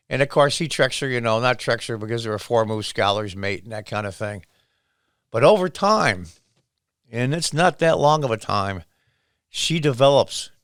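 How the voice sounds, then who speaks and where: A man's voice: medium pitch, a bit bright, dry recording, studio quality. A man hosting his own channel, casually retelling a series scene by scene with quoted lines. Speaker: show host.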